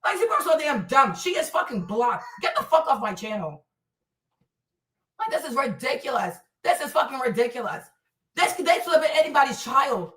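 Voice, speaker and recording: A high-pitched woman from Africa tears into her target in a profane livestream rant, her bright, piercing voice often breaking into shouts. She sits back from the mic in an echoey room, so her words ring off the walls. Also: sing-song, normal speed, distant mic. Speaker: livestream host.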